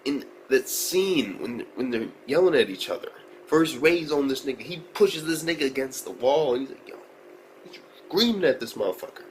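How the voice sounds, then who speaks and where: A man with a mid-range voice rambles through an anime episode review, swearing freely and piling on slang. He gets excitable as he talks. There is a faint hiss of background noise behind him. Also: medium pitch, moderate pace, rough recording. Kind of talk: casual video review.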